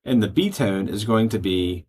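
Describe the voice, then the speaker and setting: A man giving a step-by-step software tutorial, explaining settings plainly with frequent ums. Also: lowish voice, lively intonation, normal speed, slightly rough. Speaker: product trainer. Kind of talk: screen-recorded software tutorial.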